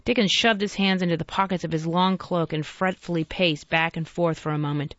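A woman narrating a story aloud in a measured, expressive reading. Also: fairly low pitch, dry recording, dull audio.

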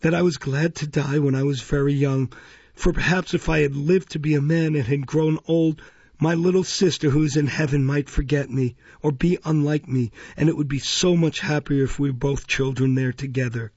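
A frail, meek workhouse boy, as a man reads him in a storybook, speaking faintly and with faltering earnestness in a husky, gravelly voice. The recording is dry and dull. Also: mid-range voice, flat delivery, normal speed, darkish tone, no room sound, close to an everyday voice. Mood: earnest.

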